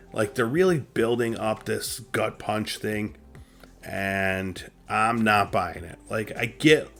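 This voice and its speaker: Low-voiced chatty man recapping a show. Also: fairly bright tone. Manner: chatty, opinionated, many fillers. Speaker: wrestling show reviewer and host. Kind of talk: casual recap talk.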